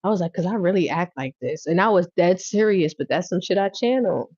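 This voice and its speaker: A woman with a lowish voice runs a casual livestream tarot reading. She talks bluntly and swears freely, often breaking into loud laughter and acting out little scenes. The sound is dull and dry, with a lo-fi edge. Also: animated, a little fast, no room sound. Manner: blunt, profane, laughs loudly and acts out scenes. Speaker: tarot reader.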